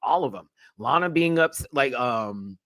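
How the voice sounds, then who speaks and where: A man hosting a live-stream TV review, talking in an animated, emphatic and slangy way with plenty of swearing, jumping between loud bursts and low mutters. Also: a little slow, no echo. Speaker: show host reviewing a TV episode.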